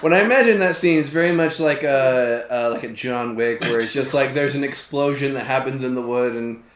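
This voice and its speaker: A man's voice: medium pitch, a little fast, a bit bright. A man running a tabletop game, rambling and amused. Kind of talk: casual chat. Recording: echoey room, distant mic.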